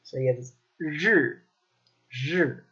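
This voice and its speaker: Slow-spoken man teaching pronunciation. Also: on the high side, sharp tone, highs cut off. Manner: slow, demonstrative, repeats sounds. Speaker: Mandarin teacher. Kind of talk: pronunciation lesson.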